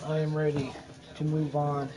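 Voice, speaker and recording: Animated, rambling man in his 40s. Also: a little high, normal speed. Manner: animated, rambling, with frequent restarts. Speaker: gamer narrating his gameplay. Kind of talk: casual storytelling over gameplay.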